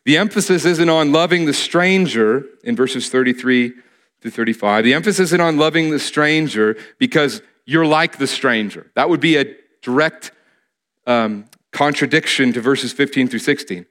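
A man's voice: mid-range voice, normal speed, fairly bright tone. A man preaching a sermon, earnestly repeating key phrases for emphasis, with some restarts as he speaks.

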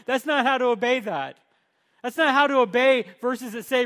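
High-voiced emphatic male preacher. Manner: emphatic, swings from loud punchy lines to quiet low ones; slows down to stress key words. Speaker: pastor. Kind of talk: sermon.

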